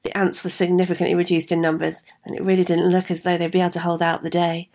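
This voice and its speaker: A woman's voice: lowish voice, little pitch movement, fast, darkish tone. A woman telling a fairy tale aloud with chatty asides to her listeners. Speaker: storyteller.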